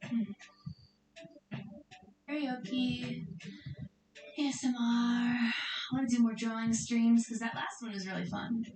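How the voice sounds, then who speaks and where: A chatty, giggly woman streamer rambles about her plans with a fairly high voice. She sounds set back from the mic in an echoey room, with clear noise behind her. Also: flat delivery, takes it slowly, long pauses, darkish tone, recorded from a distance. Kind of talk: casual chat.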